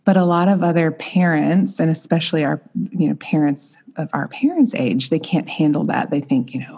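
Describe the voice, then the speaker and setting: A woman in her thirties with a low, husky, mellow voice. She tells a personal family story in an earnest, heartfelt way, sounding grounded and sincere. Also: fairly even intonation, normal speed. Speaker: podcast guest, mother of three.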